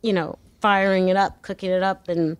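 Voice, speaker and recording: Lively New woman telling stories. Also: mid-range voice, normal speed, clean tone, no echo. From New York. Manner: animated, lively storyteller who acts out dialogue. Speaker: actress guest. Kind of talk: interview storytelling.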